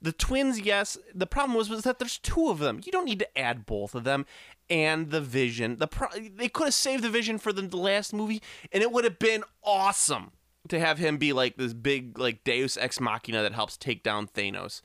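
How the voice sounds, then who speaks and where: Animated ranting man, high bright voice. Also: moderate pace, no echo, clean studio sound. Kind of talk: casual chat.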